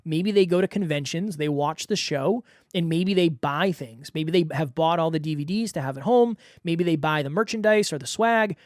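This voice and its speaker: Podcast host, male, higher voice, earnest coaching tone, dry close sound. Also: dry recording. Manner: earnest, coaching, talks straight to the listener. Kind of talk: solo podcast talk.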